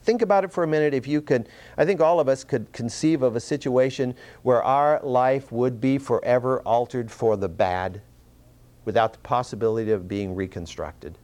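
A man's voice: moderate pace, a little mellow. A man teaching through a Bible passage verse by verse, earnest and conversational, often repeating himself and restarting phrases. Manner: earnest, repeats words and restarts, rises in pitch for emphasis.

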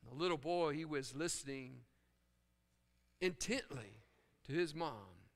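A male pastor telling a family story in a sermon, with dramatic pauses and sudden drops to a hush. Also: a little high, expressive, creaky. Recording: long church-hall reverb.

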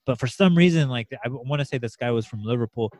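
A man co-hosting a casual podcast, wandering through his points with constant filler words and loose swearing. His voice sits at an ordinary middle pitch. The sound is close and dry, with no room around it. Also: fast talker, a little mellow, no room sound. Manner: rambling, heavy filler words, swears freely. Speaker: podcast co-host.

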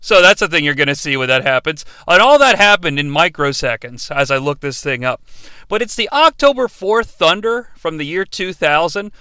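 A man hosts a casual solo podcast with animated, sardonic chatter. His fairly high voice swings widely and has a bright, edged tone. The sound is close-miked and dry. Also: normal speed, clean tone, no echo. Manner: animated and sardonic, slipping into impressions. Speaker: podcast host.

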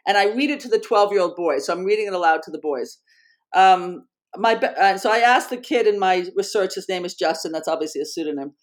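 Appearing as an interview guest, this middle-aged researcher and author speaks a little fast in a mid-range voice. Her storytelling is earnest and lively, with frequent restarts.

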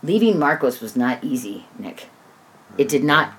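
A woman's voice: rumbling low, very animated, normal speed. Heated middle-aged woman, swearing freely. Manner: heated, swears freely, acts out others' voices. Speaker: mother talking about her son. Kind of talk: emotional personal conversation.

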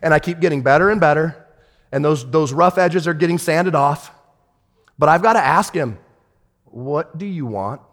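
A man pastor preaching a sermon, swinging from shouted rebukes to hushed, tender storytelling. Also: a little high, moderate pace. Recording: long hall reverb.

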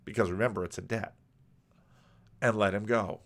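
A man preaching a sermon, explaining a parable and acting out its characters with animated, rising outbursts. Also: on the low side, normal speed, long pauses.

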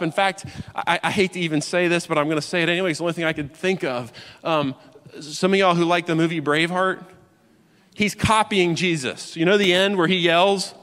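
A man preaching a sermon, moving from quiet explanation to loud, impassioned proclaiming. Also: a little high, fairly even intonation, brisk. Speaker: pastor. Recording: long hall reverb.

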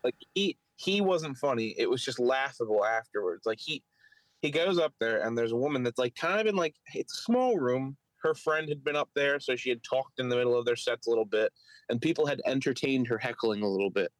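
A man's voice: medium pitch, expressive, fairly quick, no echo, low-quality recording. A man with a Philadelphia accent, a podcast co-host and stand-up comic, telling a story in casual chat and mimicking others in raised voices. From Philadelphia area.

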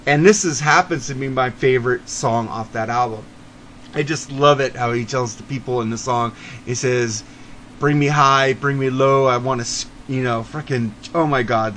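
Male podcast host, casual chat, excitable and profane, slightly high voice. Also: slight background noise.

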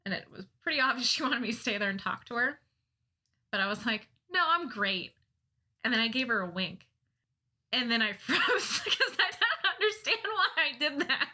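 On a podcast, a female co-host tells funny stories about herself in easy conversation. Her voice sits a little high and comes out pushed and bright, very animated at a moderate pace. She laughs often, pokes fun at herself, and swears now and then.

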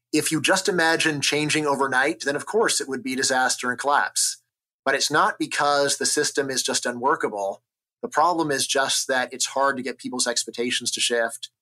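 American econ guy on a podcast, bright forceful voice, keeps going "right?" while he argues. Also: mid-range voice. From United States. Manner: energetic, argumentative, rhetorical "right?" checks. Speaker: economist guest. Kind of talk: conversational interview.

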